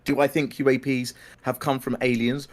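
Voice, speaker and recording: A man, debating in a measured, firm way with hesitant restarts. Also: mid-range voice, little pitch movement. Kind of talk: heated debate.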